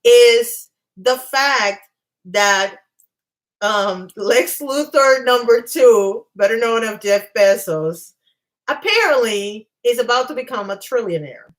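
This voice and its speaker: A woman's voice: a little high, expressive, takes it slowly. A woman hosting a casual livestream, talking in a chatty, emphatic way and reacting to her live chat. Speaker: livestream host.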